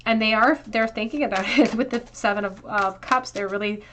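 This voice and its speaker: A woman doing a pick-a-card tarot reading to camera, talking in a flowing, reflective way and going softer as she pulls cards. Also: fairly high pitch, fairly quick, slight background noise. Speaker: tarot reader.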